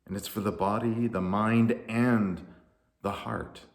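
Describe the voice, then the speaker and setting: A man voicing God as a patient, gentle figure who speaks quietly and unhurriedly in a children's story. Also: fairly low pitch, fairly even intonation, slow. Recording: roomy echo.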